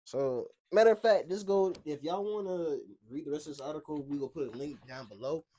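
A man's voice: a little high, a little fast, mellow, breathy edge, dry recording. A man co-hosting a podcast, giving casual, slangy commentary on the news, joking around and stumbling over his words. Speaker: podcast co-host.

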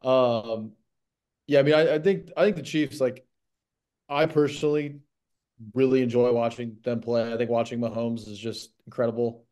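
A man's voice: mid-range voice, fairly even intonation, moderate pace, a little mellow. A young man co-hosting a casual sports podcast, laid-back with frequent ums. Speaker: podcast co-host. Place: home.

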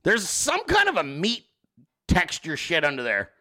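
A man's voice: a little high, wildly swooping pitch, unhurried, bright, forceful tone. A man hosting a casual livestream, sarcastically riffing on viewer pictures and swearing freely. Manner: profane, sarcastic, riffing at the audience. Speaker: livestream host.

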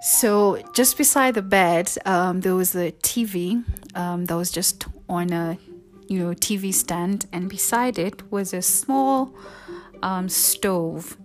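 A woman telling viewers a personal story, swinging between loud outbursts and hushed asides, with frequent ums. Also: lowish voice, takes it slowly, faint music behind. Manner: emotional, rising to loud and falling to hushed asides.

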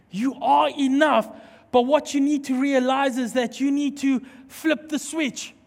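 A man preaching a sermon, animated and playful as he jokes with the congregation. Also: extremely high pitch. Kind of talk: sermon with humorous storytelling. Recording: long hall reverb.

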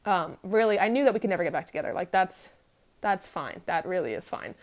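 A woman's voice: lowish voice, expressive, brisk. A young adult woman telling a personal story on her podcast in a candid, profane, rambling way, full of fillers. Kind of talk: casual storytelling.

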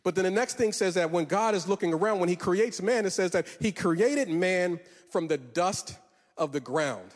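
High-voiced man preaching in a hall. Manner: preachy, sing-song rises and drawn-out words. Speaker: pastor. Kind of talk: sermon. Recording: long hall reverb.

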